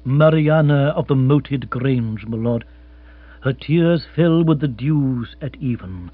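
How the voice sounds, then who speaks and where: A man voicing an unflappable, learned male butler who speaks in a formal, measured, deferential way. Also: medium pitch, no room sound. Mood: reciting. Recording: tinny phone-like sound with mains hum.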